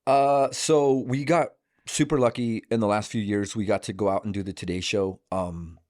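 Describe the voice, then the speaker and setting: A man's voice: on the low side, fairly even intonation, normal speed, darkish tone, dry recording, clean studio sound. A man in his forties from Idaho, a guest talking casually and earnestly, with lots of fillers and restarts. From Idaho, USA. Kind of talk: casual conversation.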